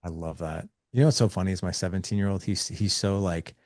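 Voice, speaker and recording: A man in his forties giving parenting advice in an interview, energetic and acting out conversations between dad and kid. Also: sits low, quick pace, no room sound, studio quality. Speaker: guest on a parenting show.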